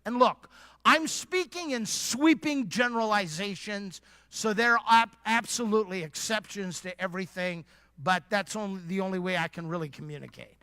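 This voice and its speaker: A man's voice: sits high, bright, forceful tone, dry recording. A man preaching at a church conference, speaking emphatically and directly and repeating lines for emphasis. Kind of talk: preaching sermon.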